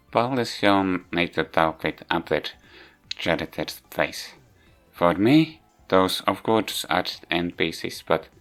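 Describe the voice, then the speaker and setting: A man narrating a video game review, halting often and restarting words as he goes. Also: deep voice, a bit bright. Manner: halting, frequent restarts and self-corrections. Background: faint background music.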